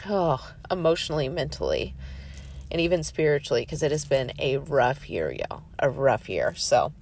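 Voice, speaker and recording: A woman, gushing warmly to her viewers and repeating words for emphasis. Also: deep voice, expressive, measured pace, gravelly, slight background noise. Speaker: vlogger. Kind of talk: heartfelt direct-to-camera appeal.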